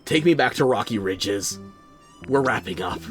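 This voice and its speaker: A man's voice: medium pitch, lively intonation, normal speed, soft background music. A tired man streaming a video game, talking in a sardonic, theatrical way. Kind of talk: game commentary.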